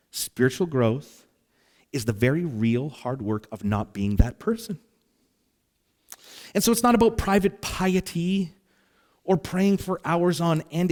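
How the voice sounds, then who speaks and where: Animated man preaching a story-driven sermon. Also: on the high side. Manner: animated storyteller, acts out exasperated sighs and asides. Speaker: pastor.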